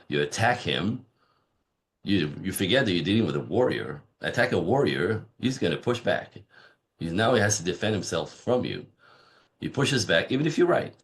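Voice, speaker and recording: A man on a podcast as a relationship coach, talking emphatically and often checking in with "right?". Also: deep voice. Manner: emphatic, animated, keeps saying "right?"; acts out quoted voices of clients. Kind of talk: podcast interview.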